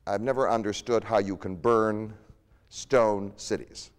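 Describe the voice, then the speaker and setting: A man's voice: lowish voice, fairly even intonation, unhurried, smooth. Man lecturing on history in a reverberant hall. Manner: conversational, asks rhetorical questions.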